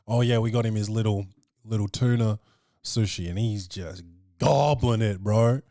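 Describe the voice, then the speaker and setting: A man hosting a comedy podcast, telling a story in an animated, ranting way full of swearing. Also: fairly low pitch, moderate pace, dry recording, clean studio sound. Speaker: podcast host. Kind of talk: comic storytelling.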